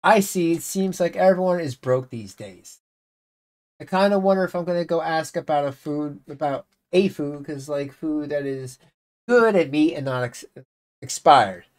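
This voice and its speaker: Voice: medium pitch, normal speed, darkish tone. A channel host reading messages aloud in casual commentary, breaking in with exasperated, sarcastic remarks.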